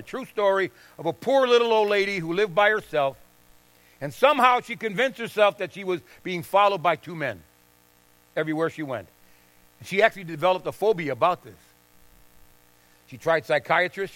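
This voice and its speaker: Emphatic older male preacher, bright voice. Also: on the high side, dry recording. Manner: emphatic, repeats phrases for stress. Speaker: pastor. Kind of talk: sermon.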